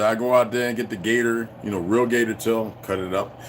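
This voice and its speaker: A man ranting to his viewers in a profane, confrontational way, swinging between shouting and low muttering. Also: flat delivery, brisk, slight background noise. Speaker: channel host. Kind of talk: unscripted rant to viewers.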